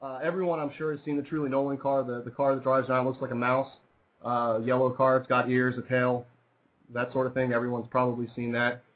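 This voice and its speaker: A male radio host in loose, rambling banter, with a middle-pitched voice. He plugs sponsors and reads out the call-in number between asides. The sound is thin and tinny, like it came over a phone line. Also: little pitch movement, a little fast.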